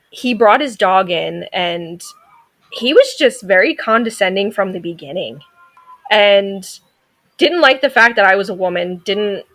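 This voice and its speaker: In a mid-range, slightly bright voice, a thirtysomething veterinary technician spins stories as a podcast guest. The interview chat is casual, and her manner is sassy and outspoken.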